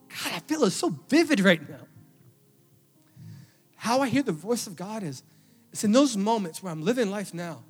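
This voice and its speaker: A young adult man preaching a sermon, telling a personal story with emotion, his voice dropping to a hush and then rising loud. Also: sits high, slightly rough. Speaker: pastor. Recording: long hall reverb with faint music. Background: faint music.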